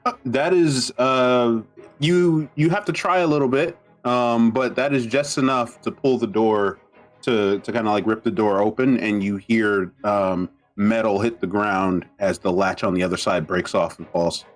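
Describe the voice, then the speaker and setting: A man's voice: fairly low pitch, measured pace, faint music behind. A man running a tabletop game as dungeon master, narrating hesitantly with many fillers and restarts.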